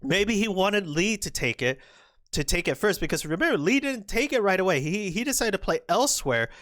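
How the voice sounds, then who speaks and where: A young woman giving excited commentary on a board game, gushing and exclaiming as she acts out the players' imagined thoughts. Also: medium pitch, fairly quick, no echo, clean studio sound.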